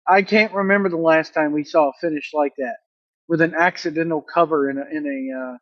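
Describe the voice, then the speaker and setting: Male wrestling reviewer, high voice, blunt and opinionated, dry, dull-sounding home recording. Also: dry recording. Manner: blunt, opinionated, animated play-by-play recap. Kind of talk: casual solo review.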